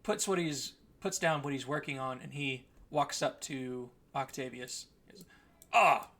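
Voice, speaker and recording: A man's voice: medium pitch, normal speed, fairly bright tone. A man narrating a tabletop game as game master, describing scenes at length.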